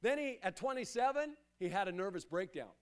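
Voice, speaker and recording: A pastor with a notably high voice delivers a sermon. He presses his points through repetition and rises to loud, urgent exhortations. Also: expressive, a little fast, clear, resonant tone. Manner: emphatic, repetitive preaching that swells to loud exhortations.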